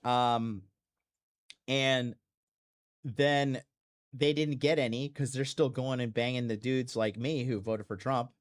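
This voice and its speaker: A man's voice: medium pitch, fairly even intonation, slow, pauses often. A man hosting a podcast in a blunt, profane, rambling monologue full of fillers and restarts. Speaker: podcast host. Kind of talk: casual monologue.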